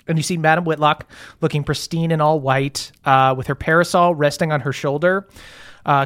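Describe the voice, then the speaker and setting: A man running a tabletop game as game master, in a fairly high voice. He narrates loosely, with plenty of "um"s and "uh"s. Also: a bit bright. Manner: loose, with many fillers.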